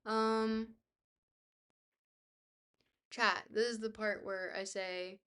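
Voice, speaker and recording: A woman streaming a book reading to her chat. She reads haltingly, trips over long words and breaks off into chatty asides to her viewers. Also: medium pitch, flat delivery, sharp tone, smooth. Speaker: livestreamer reading a book aloud.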